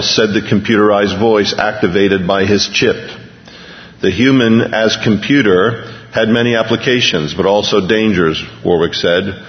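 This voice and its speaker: A man's voice: lowish voice, steady tone, a little slow. A male pastor preaching a sermon in a conversational way, reading a news item aloud and restarting his sentences as he goes. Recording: dull lo-fi recording with long hall reverb.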